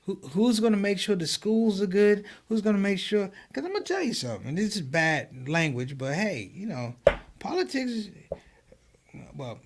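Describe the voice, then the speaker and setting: A man who is a comedian, a guest on a live online show, telling stories in an animated way and quoting others in a raised voice. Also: sits high, normal speed, slight background noise. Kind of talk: livestream conversation.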